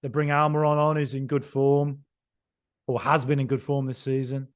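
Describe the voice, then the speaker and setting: A man hosting a football podcast, giving an excited, emphatic and rambling reaction right after a match. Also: mid-range voice, moderate pace. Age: 30s or older.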